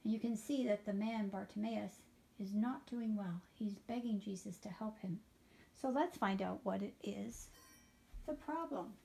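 A woman leading a children's liturgy, reading scripture aloud and explaining it to children in an animated storytelling way, sometimes dropping to a whisper. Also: medium pitch, a little slow, gravelly. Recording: voice picked up from a distance.

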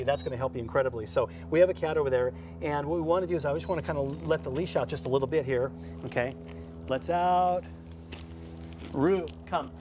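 This dog training show host talks through his methods with chatty enthusiasm, stumbling into fillers and restarts as he goes. His voice sits on the high side, and there's background noise in this instructional TV clip.

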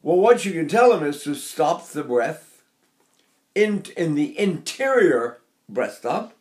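Older male voice teacher, fairly high. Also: very animated, takes it slowly, darkish tone. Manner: rambling and anecdotal, breaks into sung demonstrations. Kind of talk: spoken singing lesson.

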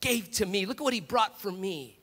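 A hopeful ancient wife, put on by a preacher, musing proudly in a bright, lifted voice. She daydreams aloud in a soft, wistful tone, and the long reverb of a big church hall trails behind every phrase. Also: sits high, animated, fairly quick, slightly rough, full character voice. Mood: dreamy.

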